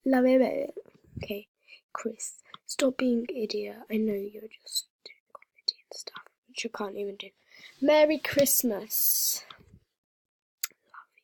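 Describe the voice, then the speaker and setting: Breathy, slow-talking female gamer vlogger. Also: a little high, dark tone, no echo. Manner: chatty and dramatic, often half-whispering. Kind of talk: casual gaming vlog commentary.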